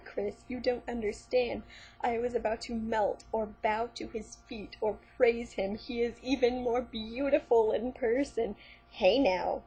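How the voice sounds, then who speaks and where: Woman, slightly high and breathy, sarcastic, mocking, reading fan fiction aloud. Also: darkish tone. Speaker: vlogger.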